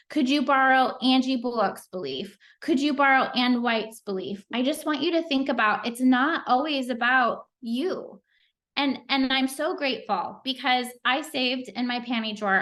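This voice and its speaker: A woman's voice: on the high side, a bit bright. A middle-aged woman giving a motivational talk on a team call, earnest and chatty, with plenty of "like" and "um" fillers. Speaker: team leader speaking on a sales call.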